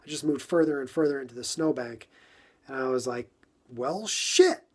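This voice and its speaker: A man's voice: medium pitch, fairly even intonation, fairly quick, darkish tone. A man from New York telling a casual story on a phone livestream, acting out his own frustration with lots of repetition.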